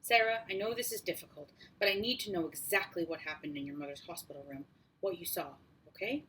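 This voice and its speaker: A woman's voice: on the low side, brisk, recorded from a distance, a little hiss or hum, close to an everyday voice, low-quality recording. A woman reading as a friendly police sergeant. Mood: gentle questioning. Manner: calm, gentle questioning. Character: friendly male police sergeant questioning a girl.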